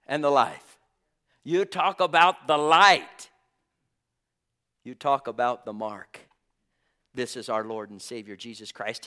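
An animated man preaching a sermon, his voice high and bright. He swings widely in pitch as he calls out for amens and chuckles between points.

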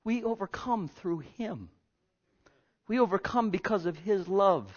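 A man preaching a sermon fervently, swinging from loud exhortation to hushed near-whispers. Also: sits high, measured pace, dull audio.

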